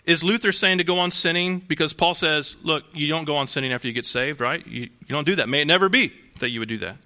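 A man preaches a sermon in a bright, forceful voice that sits a little high for a man. He talks to the congregation conversationally, tossing out rhetorical questions and restarting phrases as he goes. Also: fast. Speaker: pastor.

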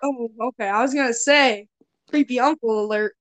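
A woman's voice: on the high side, moderate pace. A teenage girl hosting a casual chat with friends, teasing and giggly as she steers the topics. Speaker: podcast host.

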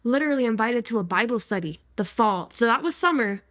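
A woman in her twenties tells her personal testimony as a guest, chatting casually with plenty of slang and easy laughter. Her voice sits a little high, and the recording is dry and close. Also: fairly quick, dry recording. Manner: lively, laughs often, slangy. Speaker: interview guest.

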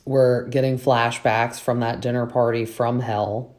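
Casual podcast recap, talkative, opinionated, filler-heavy, mid-pitched voice. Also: level tone, measured pace, darkish tone. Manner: chatty and opinionated, with many "like" fillers. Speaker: podcast host recapping reality TV. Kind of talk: casual chat.

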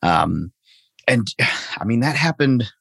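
A man's voice: medium pitch, animated, slow pace, gravelly, fairly bright tone, breathy edge, dry recording. A man on a remote call as a podcast guest, talking casually and self-deprecatingly, with lots of fillers and restarts. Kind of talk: casual conversation.

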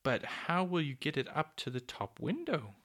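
A worried, curious young boy, as a man reading a storybook puts him on, his voice lifted high above the narration. He asks anxious questions with a lively, rising pitch. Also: moderate pace. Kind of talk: storybook read-aloud.

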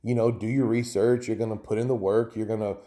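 A man's voice: on the low side, little pitch movement, fast, dark tone. A man hosting his own podcast in a loose, rambling, profane way, chatting casually on his own. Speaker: podcast host. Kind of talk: casual solo podcast talk.

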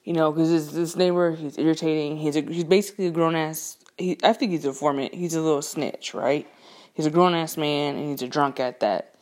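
A woman telling a casual storytime about a run-in with her neighbor, indignant and animated, full of slang and swearing, from her home. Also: low voice, fairly quick. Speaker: storyteller recounting a neighbor dispute.

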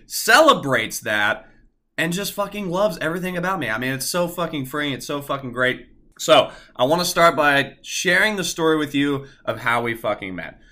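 A young man talks straight into his podcast from his apartment, spinning a story with loud, cursing enthusiasm. His voice sits in a middle pitch but comes out bright and forceful. He keeps the tone casual and animated, like a host riffing alone. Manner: animated, profane, talks about himself in third person.

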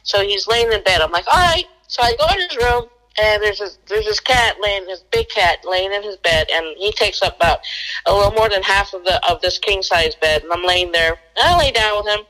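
Bright-voiced woman telling a story. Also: mid-range voice, a little fast, faint music behind, poor audio. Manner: acts out quoted dialogue. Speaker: guest. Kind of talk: casual storytelling.

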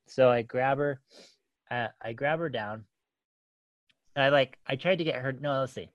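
A man in his thirties rambles through a family story, full of "like" and restarts and frequent laughter. His voice sits at an ordinary pitch, and the recording is dry and a bit dull. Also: moderate pace, pauses often, dry recording. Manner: rambling, many fillers and restarts, laughs often. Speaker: parent telling a story. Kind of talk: casual storytelling.

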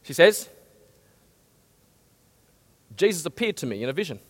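A male pastor preaching a lively sermon and asking his listeners many questions. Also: on the high side, unhurried. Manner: animated, asks the audience many questions. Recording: long hall reverb.

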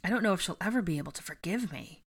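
A woman's voice: lowish voice, expressive, rapid-fire, breathy edge, voice pushed up. A woman voicing an earnest, troubled young man.

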